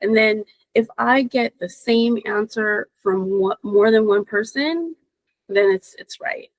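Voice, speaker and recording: A woman intuitive reader in casual podcast chat, expressive and encouraging, laughing often. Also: mid-range voice, slow pace, no echo, rough recording.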